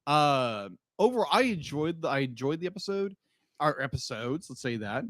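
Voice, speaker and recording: A man's voice: a little high, big pitch swings, normal speed, a bit bright, dry recording, studio quality. A man co-hosting a podcast in casual chat, laughing easily and restarting sentences as he goes. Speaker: podcast co-host.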